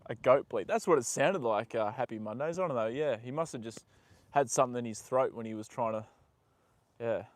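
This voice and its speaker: A young man live-streaming from a horse paddock, chatting with viewers and talking softly to his horse. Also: mid-range voice, brisk, dry recording. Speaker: livestream host. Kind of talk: casual live stream chat.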